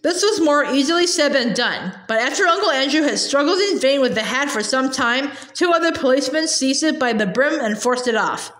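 High-pitched woman reading a kids novel, lively, echoey room. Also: a little fast, few pauses. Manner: lively, voicing characters. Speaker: audiobook reader. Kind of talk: reading a children's novel aloud.

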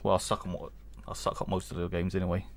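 A man's voice: sits low, completely flat delivery, quick pace, creaky, slight background noise. A man giving casual let's-play commentary, reading game text aloud, rambling, humming and chuckling as he goes. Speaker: gaming channel host.

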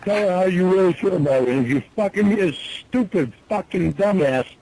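A man with a notably high-pitched voice in a heated phone argument. He yells, swears heavily, and repeats himself in angry bursts. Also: animated, brisk, poor audio. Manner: yelling, heavy swearing. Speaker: caller in archived phone recording.

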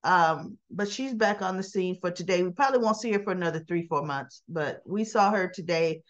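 A woman's voice: lowish voice, a little fast. Lady chatting thru a soap recap, doing everyone's lines, kinda dull sound. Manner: animated retelling, acts out dialogue in quotes. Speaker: soap opera reviewer. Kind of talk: casual recap monologue. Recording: slightly dull lo-fi audio.

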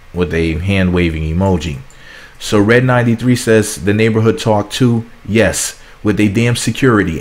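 A man with a fairly low voice hosts a casual celebrity gossip vlog. He reads viewers' comments aloud one after another and adds sassy remarks of his own. His delivery is loose and chatty, and he laughs at his own asides. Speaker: gossip channel host.

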